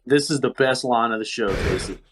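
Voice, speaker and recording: A man's voice: medium pitch, a little fast, slight background noise. Laid-back man co-hosting a podcast. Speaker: podcast co-host. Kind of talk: casual chat.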